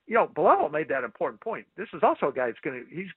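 A man's voice: fairly high pitch, big pitch swings, racing, creaky, husky, no echo. Man talking over a tinny phone line. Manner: rambling, heavy on fillers and restarts. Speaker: guest sportswriter. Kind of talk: casual phone interview. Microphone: phone call.

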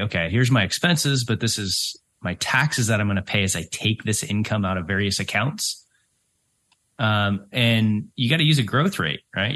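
Middle-aged financial planner guy, slightly low voice, walks through it step by step, lots of ums and "right?". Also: fairly bright tone. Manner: explains step by step, with many ums and "right?" asides. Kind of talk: explanatory radio talk.

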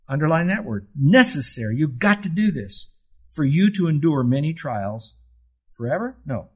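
A man's voice: fairly high pitch, sing-song, normal speed, husky. An older man preaching a sermon, asking questions and answering them himself, with emphatic, rising delivery. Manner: emphatic, asks and answers his own questions. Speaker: pastor.

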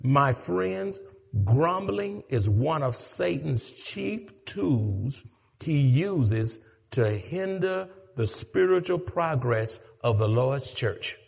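A man preaching a sermon to a congregation. He repeats lines for emphasis and swings between low, quiet stretches and shouted peaks. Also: vocal fry, husky. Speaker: pastor.

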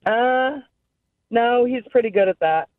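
A woman in her thirties phones in to a radio show, giggly and giving short answers. Her voice is mid-pitched and comes through a dry, tinny phone line. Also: animated, measured pace, no echo. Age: 30s. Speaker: caller. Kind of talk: phone-in call.

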